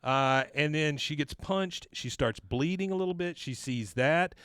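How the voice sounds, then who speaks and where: A man co-hosting a podcast, recapping a cartoon episode in casual chat and acting out the characters' lines in excited bursts. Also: a little high, measured pace, clear, resonant tone, no echo, studio quality. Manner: animated, acts out quotes in excited bursts. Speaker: podcast co-host.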